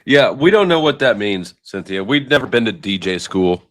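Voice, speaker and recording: A man's voice: lowish voice, animated, moderate pace, no room sound, clean studio sound. A man streaming on a livestream panel, teasing others and calling out viewers by name. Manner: teasing, reads out viewer names. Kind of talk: casual panel chat. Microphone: streaming call mic.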